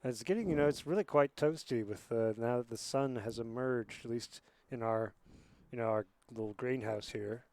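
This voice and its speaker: A man commentating on a school rugby match from a booth, chatty and rambling, with excited bursts when play picks up. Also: mid-range voice, normal speed, few pauses, slight background noise. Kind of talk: amateur sports commentary.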